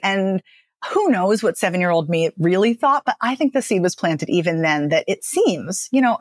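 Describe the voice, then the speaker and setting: A woman who works as a speech and dialect coach, talking about her path in a chatty, animated podcast interview and laughing often. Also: medium pitch, dry recording, studio quality.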